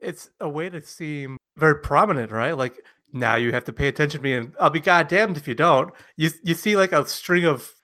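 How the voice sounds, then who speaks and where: A man co-hosting a podcast in casual banter, animated and quick to laugh, often slipping into mocking quoted voices. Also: a little high. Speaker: podcast co-host.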